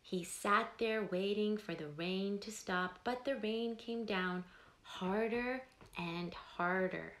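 A woman slowly reading a picture book aloud to young children, pausing to ask them questions. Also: mid-range voice. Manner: slow, gentle, asks the children questions. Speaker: storyteller host.

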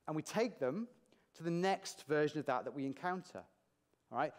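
A British man giving a lively, jokey conference talk to a large audience in a hall, asking the crowd questions as he goes. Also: on the high side. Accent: British English. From Britain. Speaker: conference speaker.

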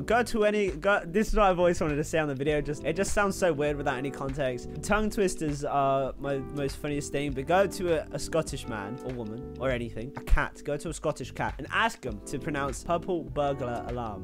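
A man with a southern English accent hosting a reaction video, chatting casually, excitable, swearing freely and drifting into tangents. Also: a little high, fairly quick, hardly any pauses, music in the background.

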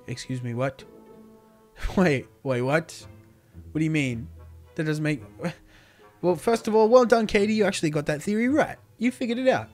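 A man hosting a roleplay series, playing himself in excitable casual chat, often calling others dude or man. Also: on the high side, moderate pace, pauses often, faint music behind.

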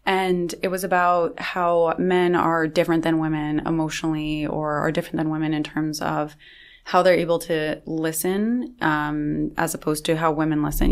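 A young woman talking as a podcast guest in a casual conversation, chatty and full of fillers. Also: low-pitched.

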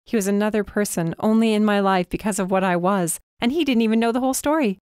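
A woman narrating a novel in the first person, steady and even, on a close studio mic. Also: mid-range voice, fast, clean tone, no echo. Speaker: audiobook narrator.

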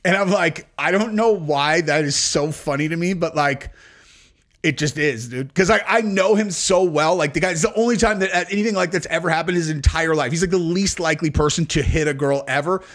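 A man in his forties hosts a podcast and tells a long, rambling story, swearing freely and breaking into laughter. His voice sits a little higher than most men's. He speaks casually, with many fillers. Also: a little fast, fairly bright tone. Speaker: podcast host.

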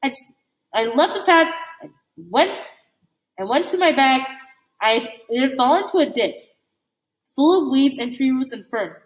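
High-voiced woman reading a novel aloud. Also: expressive. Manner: halting, with slips and restarts. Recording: echoey room.

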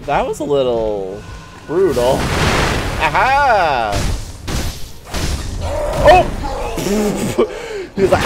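Excitable man yelping over loud game music. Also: on the high side, extremely slow, long pauses. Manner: excitable, yelps and groans at the game; jokey baby talk and sing-song asides. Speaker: game streamer. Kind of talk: live gameplay commentary.

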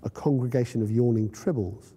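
A man reads his own story aloud in a university room, measured and vivid. His voice is very dark and husky, and a long reverb trails each phrase. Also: medium pitch, fairly even intonation. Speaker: author reading his story. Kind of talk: literary reading. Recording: long reverb in a lecture hall.

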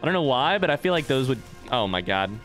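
A man's voice: medium pitch, big pitch swings, quick pace, a bit bright, soft background music. A young man doing live gameplay commentary, rambling, joking and swearing as he chats to his viewers. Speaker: let's play streamer.

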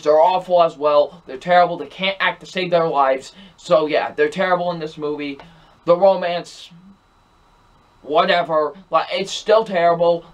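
An exasperated young man rants through a movie review, hammering the same points again and again. His voice sits fairly high for a man, and his talk is emphatic and repetitive. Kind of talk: ranting film review.

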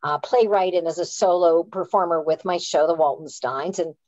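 A woman's voice: lowish voice, normal speed, no echo. A woman who is an author and playwright, telling a story casually with lots of restarts. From Canada. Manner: animated, self-deprecating, frequent restarts. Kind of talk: casual storytelling on a live chat. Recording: dull, dry sound.

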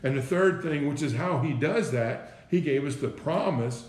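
A man gives a loose, conversational sermon, circling back over his phrases and throwing out rhetorical questions to his listeners. His voice sits a little high for a man. The room around him rings with echo. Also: normal speed, darkish tone. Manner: repeats himself, asks rhetorical questions, says "right?" and "listen". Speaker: preacher. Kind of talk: informal sermon. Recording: echoey room.

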